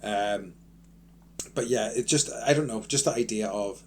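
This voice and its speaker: Guy on a podcast, kinda low voice, lots of um and like, slight hum. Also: measured pace, darkish tone. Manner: rambling, frequent fillers and restarts. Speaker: podcast co-host. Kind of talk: casual chat.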